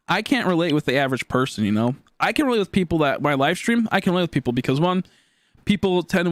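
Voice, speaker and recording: Young male streamer, slightly high voice, rambling casual chat, swears freely, close and dry. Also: no echo. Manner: rambling, restarts often, swears when worked up.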